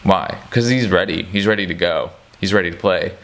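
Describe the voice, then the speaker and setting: A man's voice: low-pitched, brisk, fairly bright tone. A man giving casual, rambling basketball commentary, joking and restarting often, with many fillers. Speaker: sports commentator. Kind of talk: casual chat.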